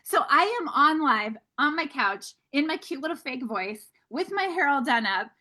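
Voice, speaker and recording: A woman with a fairly high voice leads a motivational training for her sales team. She talks energetically and candidly, calling her listeners guys. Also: animated, moderate pace, pushed and bright.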